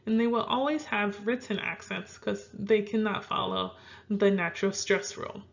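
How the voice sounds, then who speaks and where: A woman teaching a video lesson, calm and clear, slowing down to spell out example words. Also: medium pitch. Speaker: Spanish teacher. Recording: dull lo-fi sound.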